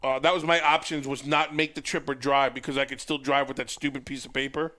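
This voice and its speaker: A man's voice: medium pitch, a little fast. A middle-aged man, a former wrestler, telling a story in casual chat and acting out the voices of the people in it. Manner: animated storyteller who acts out voices. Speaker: podcast guest, former wrestler.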